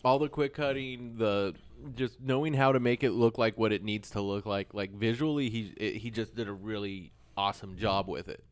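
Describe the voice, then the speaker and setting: A man's voice: lowish voice, moderate pace, clear, resonant tone, no room sound. A man in casual chat with friends, animatedly recounting film scenes.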